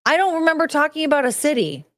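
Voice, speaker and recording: A woman hosting a casual podcast, rambling and thinking out loud with lots of questions. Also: sits high, big pitch swings, quick pace, dry recording. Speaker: podcast host.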